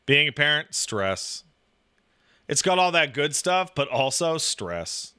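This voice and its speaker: A man in his thirties chatting casually about raising a baby, profane and animated, full of "like" and restarts. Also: fairly high pitch, slow, clear, resonant tone. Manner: profane, animated storytelling with lots of "like". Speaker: podcast talker, new father. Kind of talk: casual chat.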